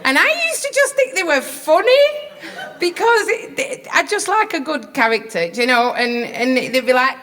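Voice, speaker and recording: A woman's voice: high voice, animated, normal speed, fairly bright tone. A woman from England with a Northern English accent, doing a stand-up comedy set on stage, brash, sweary and self-mocking. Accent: Northern English, Rochdale. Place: comedy venue stage with a live audience.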